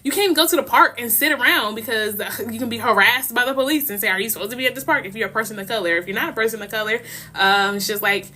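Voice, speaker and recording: A young woman from the United States talks straight to her livestream viewers, rambling and heated, laughing often as she restarts her sentences. Her voice sits a little high and sounds bright and forceful. It is an everyday, unscripted monologue. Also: quick pace. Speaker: livestream host.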